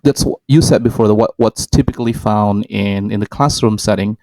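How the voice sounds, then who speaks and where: Hesitant man, dark dry voice. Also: fairly low pitch, brisk, no room sound, poor audio. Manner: hesitant, many ums and restarts, models example phrases. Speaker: podcast co-host. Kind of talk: casual educational chat.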